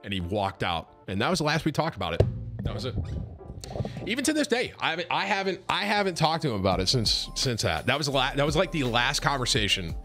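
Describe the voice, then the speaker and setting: A man's voice: medium pitch, big pitch swings, fast, bright, forceful tone. A man streaming and casually telling a story to his viewers, rambling, repeating words and swearing as he mocks himself. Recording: music playing underneath. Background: background music.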